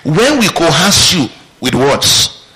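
A man's voice: a little high, big pitch swings, slow pace, sharp tone, poor audio. A male pastor preaching a sermon, reading scripture aloud and asking his congregation questions as he teaches.

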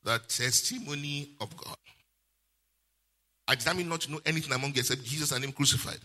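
A male pastor, preaching a sermon with lively call-and-response questions. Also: mid-range voice, fairly quick.

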